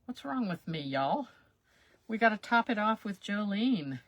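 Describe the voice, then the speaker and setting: During her crafting livestream, this woman keeps up a folksy running chatter while she works, often laughing at herself. She speaks unhurriedly at a medium pitch, with big swings in her intonation.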